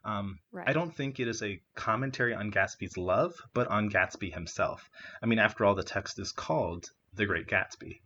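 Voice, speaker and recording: A man's voice: fairly low pitch, moderate pace, sharp tone, dull audio, slight background noise. A young man casually discussing a novel, chatty with many fillers, sometimes acting out quotes. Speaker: discussion partner.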